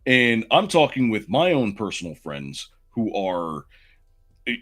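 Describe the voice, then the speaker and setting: A man in his forties with a low, lively voice tells a long story on a podcast. He rambles through asides in casual storytelling fashion. His pitch swings widely as he goes. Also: measured pace. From Southern United States. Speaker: podcast co-host.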